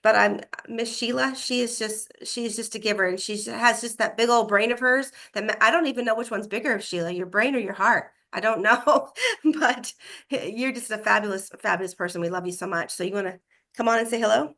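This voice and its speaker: A woman's voice: fairly high pitch, fairly quick, pushed and bright. A woman hosting a group video call, gushing with praise for members. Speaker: host of the call. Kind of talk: casual chat.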